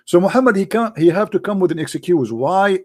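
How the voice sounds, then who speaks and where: High-voiced sarcastic man. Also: expressive, a little fast. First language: Arabic. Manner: sarcastic, emphatic rhetorical questions. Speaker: religious critic. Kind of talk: polemical monologue.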